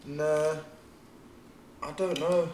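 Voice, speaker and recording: A man's voice: fairly high pitch, fairly even intonation, drawn-out words, a little mellow, roomy sound, a little hiss or hum. A man co-hosting a podcast, chatting casually and rambling a little as he swears through his points. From southern England. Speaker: podcast co-host. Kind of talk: casual chat. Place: living room of a home.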